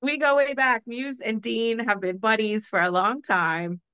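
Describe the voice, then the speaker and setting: Woman, podcast co-host, animated storyteller, dry close mic. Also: fairly high pitch, measured pace, smooth, no echo, lo-fi sound. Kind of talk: casual storytelling chat.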